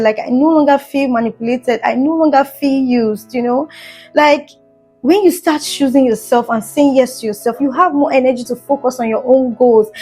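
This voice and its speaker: A woman's voice: high voice, darkish tone. A young woman vlogger talking earnestly to camera in a casual storytime monologue, full of fillers and repeated "do you understand?" checks. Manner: earnest, emphatic, keeps asking "do you understand?"; fillers and restarts, gets emotional at times.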